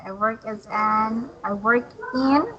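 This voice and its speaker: A woman tutoring English, patient and encouraging, modeling words slowly for a learner. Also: a little high, dull audio, crowd noise. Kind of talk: online English lesson.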